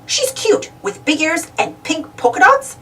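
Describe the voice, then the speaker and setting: A woman's voice: extremely high pitch, unhurried, distant mic, pitched above the performer's own voice, exaggerated voice. A woman voicing an eager, greedy male cartoon duck, who exclaims a lot, a little away from the mic. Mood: curious. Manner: excitable, exclaiming.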